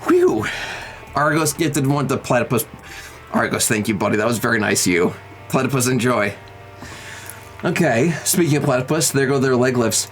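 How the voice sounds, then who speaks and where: Soft background music sits under a low-quality recording of a young man live streaming in a mid-range voice at normal speed, with long pauses. He casually jokes with chat and counts out his workout reps.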